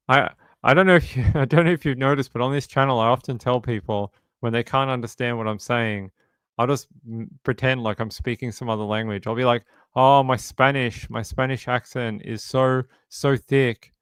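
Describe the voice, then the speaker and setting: A man's voice: medium pitch, normal speed, fairly bright tone, clean tone, dry recording. Aussie guy in his 40s chatting to viewers on a livestream, jokey, repeats himself, clean dry sound. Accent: Australian. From Australia. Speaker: livestream host. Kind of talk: casual live-stream chat answering viewers.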